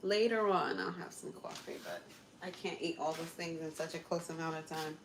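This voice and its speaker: A woman's voice: low-pitched, normal speed, heavy background noise. A young woman from the United States, chatting casually on a livestream from her home kitchen, answering viewer comments and laughing often. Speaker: livestream host.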